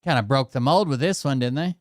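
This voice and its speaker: A man's voice: mid-range voice, fairly quick, dry recording, studio quality. A man hosting, giving casual offhand reactions to videos, often muttering and trailing off. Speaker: host.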